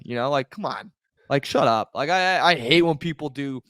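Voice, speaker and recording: A man co-hosting a sports podcast, energetic and loudly rallying. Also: on the high side, brisk, smooth, no echo, studio quality. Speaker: podcast co-host. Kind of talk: casual podcast chat.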